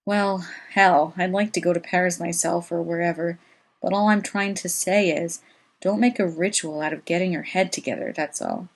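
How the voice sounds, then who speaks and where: A woman's voice: lowish voice, fairly even intonation, moderate pace. A woman reading as a blunt, wry young woman. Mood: placating. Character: tough, plain-spoken young woman narrator. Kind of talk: reading a novel aloud.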